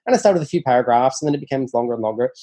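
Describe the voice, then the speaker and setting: In casual conversation as an interview guest, this nonfiction author talks fast with a soft, husky, medium-pitched tone. Lively and chatty, he restarts often, fills gaps with ums, and raises his voice to act out quoted dialogue.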